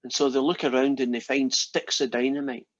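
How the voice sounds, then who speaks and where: A man's voice: medium pitch, flat delivery, a little fast, muffled recording. A man, a math lecturer, telling jokes to his class in a chatty, playful way. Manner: chatty, playful, addresses students by name. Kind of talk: casual classroom joke-telling.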